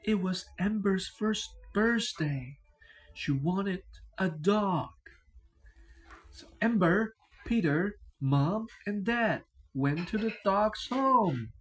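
A woman reading a children's picture book aloud in a slow, expressive, deliberate way. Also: mid-range voice, soft background music. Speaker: storyteller.

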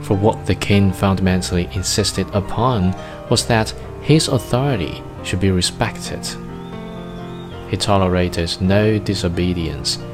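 A man narrating a storybook in a slow, careful reading. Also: deep voice, music in the background.

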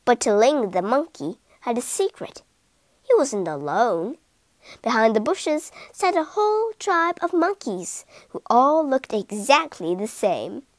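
A woman narrates an animal storybook for English learners, reading slowly and clearly. Her high voice rises and falls a lot as she tells it. The recording is close and dry. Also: dry recording. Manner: slow, clear, expressive reading.

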